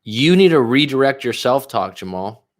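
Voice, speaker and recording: A man's voice: medium pitch, lively intonation, moderate pace. A man coaching viewers on a livestream, reading their comments aloud and answering them bluntly, with frequent swearing. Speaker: relationship coach.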